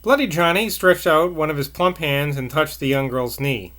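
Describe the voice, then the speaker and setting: A man reading a novel aloud at a measured pace, with occasional slips and asides. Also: a little high, fairly bright tone. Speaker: narrator.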